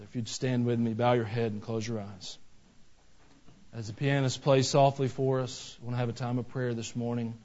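A male pastor preaching a sermon in a conversational, storytelling way that swings from loud to soft. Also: mid-range voice. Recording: dull lo-fi recording.

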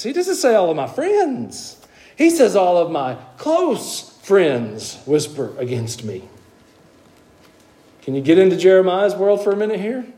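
A man preaching a sermon, moving between hushed asides and emphatic, high-pitched exclamations.

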